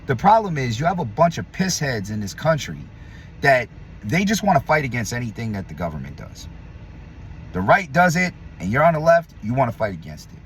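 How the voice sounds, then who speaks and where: A man delivering a heated, blunt opinion rant to camera, profane and combative, swinging between loud emphasis and low muttering. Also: sing-song, fairly quick, a little hiss or hum. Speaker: vlogger.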